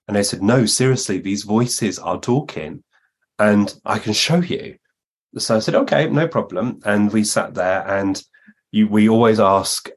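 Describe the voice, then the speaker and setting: Husky man telling lively stories. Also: lowish voice. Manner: lively anecdotes, acts out quoted voices. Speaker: guest medium. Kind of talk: storytelling in a podcast interview.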